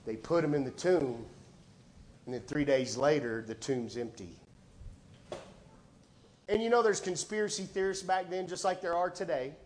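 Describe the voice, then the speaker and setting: A middle-aged man preaching a sermon as a pastor, telling stories conversationally and swinging between quiet, low lines and loud, high ones. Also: moderate pace, pauses often, slight background noise. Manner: conversational storytelling with repeated words.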